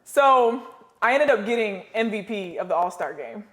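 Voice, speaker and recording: American woman on a podcast, slangy, acts out voices, mid pitch. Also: expressive, normal speed. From United States. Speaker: podcast guest, former pro basketball player. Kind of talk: casual storytelling interview.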